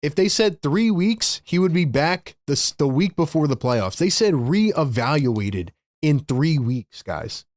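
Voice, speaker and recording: A man's voice: a little high, very animated, a little slow, hardly any pauses, a little mellow, dry recording. A man hosting a live sports stream, ranting in frustration to his chat and saying "bro" often. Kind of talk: live stream fan rant.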